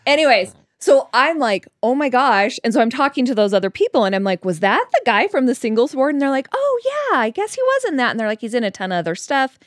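A woman chatting casually and telling a story, acting out quoted dialogue in a higher voice. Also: expressive, quick pace, hardly any pauses, dry recording, studio quality.

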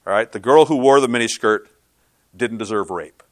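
A man preaching a sermon as pastor, earnest and swinging from loud to hushed. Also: mid-range voice, normal speed, dry recording.

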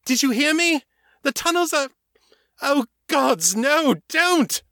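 A man voicing a panicking, furious female vampire in an audiobook, shouting curses in a high, strained voice. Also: lively intonation, takes it slowly, no room sound, studio quality, heavily acted. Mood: frantic, furious.

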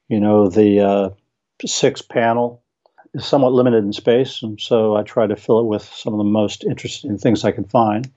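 An older retired teacher, a man, answering interview questions and reading his own verse and notes aloud in a measured, explaining way with some hesitations. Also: fairly low pitch, warm tone, dull audio. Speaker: guest author, retired teacher.

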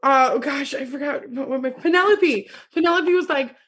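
A woman's voice: sits high, moderate pace, a bit bright. A young woman co-hosting a podcast, animatedly retelling a dating story with acted quotes and laughter. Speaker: podcast co-host. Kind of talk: casual chat, storytelling.

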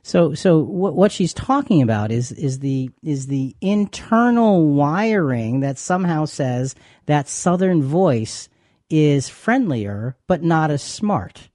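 A man's voice: on the high side, sing-song, takes it slowly, darkish tone, no room sound, studio quality. A man co-hosting a faith talk show, chatty and given to repeating words as he explains. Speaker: co-host.

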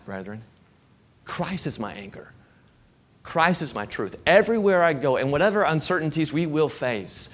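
Male pastor, sermon, emphatic and repetitive, slightly high voice. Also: fairly bright tone.

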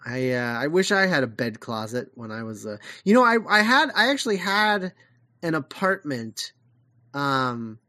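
Lively, laughing podcast co-host. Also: mid-range voice, moderate pace, no room sound, clean studio sound. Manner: excitable, laughing, talks in fits and starts. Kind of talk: casual chat.

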